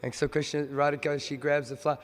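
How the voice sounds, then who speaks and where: A man giving a devotional lecture, telling stories in a lively way and slipping into the voices of his characters. His voice sits fairly high for a man. Long reverb trails each phrase, as in a large temple hall. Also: fast talker. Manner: animated storyteller who acts out the voices in his stories. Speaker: visiting speaker at a temple.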